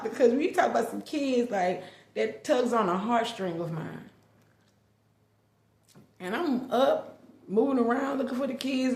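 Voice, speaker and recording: A woman's voice: mid-range voice, vocal fry. A middle-aged woman, candidly telling a personal family story with lots of "like" and restarts. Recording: echoey room.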